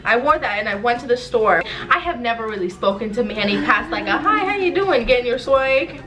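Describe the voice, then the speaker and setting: A woman's voice: on the high side, animated, fairly quick, poor audio. A young woman telling casual stories to friends, laughing and swearing as she goes. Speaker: storyteller. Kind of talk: casual story time chat.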